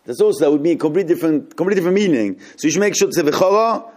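A man leading a group text study, reading passages aloud slowly and then explaining them and puzzling over them. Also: on the high side, lively intonation, a little mellow.

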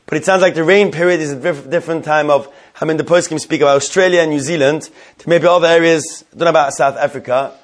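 A man with a voice on the high side leads a Talmudic-style halacha class, speaking fast with hardly any pauses and a steady tone. The Torah teacher asks questions aloud and works through the answers, using many fillers.

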